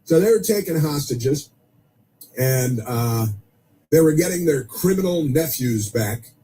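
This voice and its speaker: A man's voice: on the high side, animated, unhurried, warm tone, poor audio. A man hosting a political talk radio show, delivering a sarcastic monologue full of scornful asides. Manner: sarcastic, scornful asides and mocking quoted voices.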